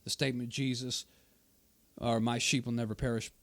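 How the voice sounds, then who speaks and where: A man hosting his own channel delivers argumentative commentary on a debate video, combatively rebutting his opponent's quoted remarks and driving his points home by repeating them. His mid-range voice is level and moves at a normal speed.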